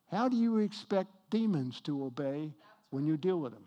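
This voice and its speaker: A man preaching a sermon as pastor, emphatic, slowing down on key points and joking with the congregation. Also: fairly high pitch, sing-song, mellow. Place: church with congregation.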